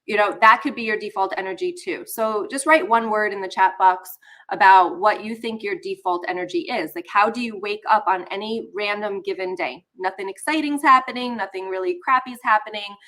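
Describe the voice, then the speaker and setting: Bright-sounding woman doing a chatty live stream, talks right to her viewers, a bit under the weather. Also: mid-range voice, brisk. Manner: chatty, talks straight to viewers, greets chat. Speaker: spiritual coach hosting a live session. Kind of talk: casual live-stream teaching.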